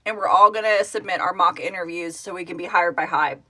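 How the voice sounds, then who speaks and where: A woman who founded a fan project, hosting a casual live stream, answering viewers' comments in an excitable, gushing way and laughing often. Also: on the low side, fairly quick.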